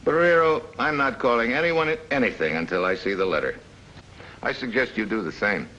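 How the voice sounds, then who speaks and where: Wry tough agent, bright lively delivery, faint hiss, 1950s TV drama. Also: male voice, deep voice, a little fast, highs cut off, full character voice. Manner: dry, wisecracking. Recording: old TV soundtrack with faint hiss.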